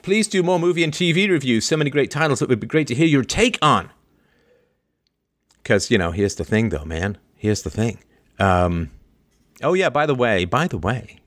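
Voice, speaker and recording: A man hosting a livestream, chatting playfully, joking and laughing as he reads out viewer greetings. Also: a little slow. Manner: animated, jumps between high and low pitch. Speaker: host.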